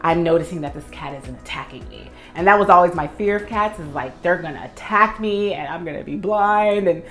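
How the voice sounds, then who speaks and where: A young woman, a professional organizer, telling an animated story in a vlog while she tidies, acting out her own past reactions. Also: lowish voice, fairly quick, soft background music.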